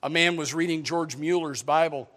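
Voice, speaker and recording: A man's voice: fairly high pitch, steady tone, moderate pace, a bit bright. A middle-aged male pastor preaching a sermon in a folksy manner, repeating words and joking with his congregation.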